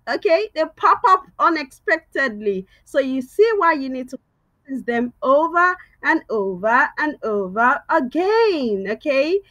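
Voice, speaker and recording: Woman teacher for a kids' reading video: high, sing-song, slow and encouraging, dry close sound. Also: lo-fi sound. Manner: sing-song, coaxing, repeats words loudly for kids to echo. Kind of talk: children's reading lesson.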